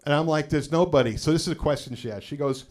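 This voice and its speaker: A middle-aged man on stage with a voice that sits a touch high for a man. He tells his stories casually, dropping "you know" between lines and delivering the punchlines flat and dry. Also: quick pace. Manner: conversational storytelling with frequent "you know" asides. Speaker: stand-up comedian. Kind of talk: live stand-up set.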